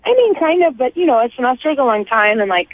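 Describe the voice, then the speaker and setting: A woman's voice: sits high, big pitch swings, quick pace, no echo. A woman phones in to a radio show and chats eagerly, filling her sentences with "like". Her voice comes through a thin, tinny phone line with no room sound at all. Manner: chatty, gushing, heavy use of "like". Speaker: caller. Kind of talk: phone-in chat on morning radio.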